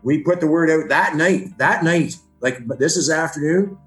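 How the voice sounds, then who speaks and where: A man's voice: fairly high pitch, normal speed, fairly bright tone, roomy sound, faint music behind. Blunt man with a raised voice. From Ontario, Canada. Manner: blunt, profane, acts out quoted dialogue. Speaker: brother of a missing woman, interviewee. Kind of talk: storytelling interview.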